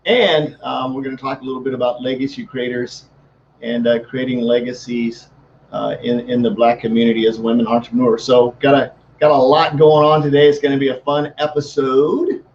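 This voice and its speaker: A man's voice: medium pitch, flat delivery, fairly quick, darkish tone. A man hosting a live stream, upbeat and repeating words as he introduces a guest. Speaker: host. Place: Saint Louis. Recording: slightly dull with faint noise.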